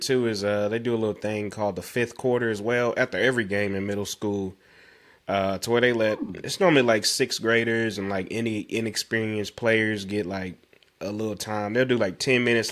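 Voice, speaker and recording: A man in his thirties co-hosting a podcast, hoarse from sinus trouble, chatting casually and telling animated, slangy stories. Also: lowish voice, moderate pace. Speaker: podcast co-host. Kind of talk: casual chat.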